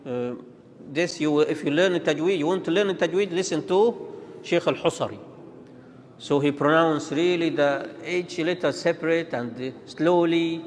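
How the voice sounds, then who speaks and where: A man's voice: on the high side, a little hiss or hum. Man teaching in an echoing hall. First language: Arabic. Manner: demonstrates sounds, repeats and contrasts letters, halting. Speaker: tajweed teacher. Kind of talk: Quran pronunciation lesson. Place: large mosque hall. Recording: long reverb of a large hall.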